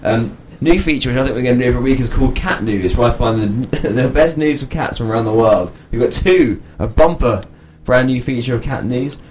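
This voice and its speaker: A young man hosts a casual comedy podcast, playful and quick to laugh. His pitch swings up and down a lot as he jokes, and a faint hiss sits under the recording. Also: expressive, darkish tone. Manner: playful, laughs often, jokey asides. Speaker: podcast host.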